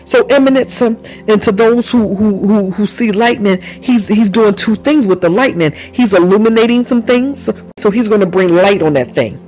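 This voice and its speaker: A man's voice: sits high, normal speed, hardly any pauses, a little mellow, faint music behind, poor audio. A man preaching a charismatic sermon, fervent and repetitive, with bursts of praise and speaking in tongues. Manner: exclaims praise often.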